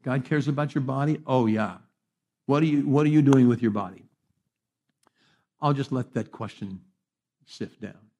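A middle-aged man preaching a sermon as pastor, telling humorous, self-deprecating stories and swinging between hushed and animated delivery. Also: medium pitch, normal speed, pauses often.

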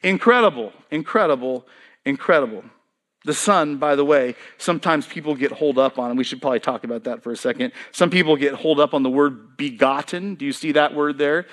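A middle-aged man preaching a sermon, emphatic and animated, putting questions to the congregation and answering them himself. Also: on the high side, quick pace, few pauses. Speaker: pastor.

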